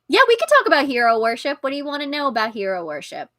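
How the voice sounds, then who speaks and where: A woman hosting a casual live-stream chat, talking loudly and laughing often. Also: sits high, big pitch swings, a little fast, dry recording. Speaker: podcast host.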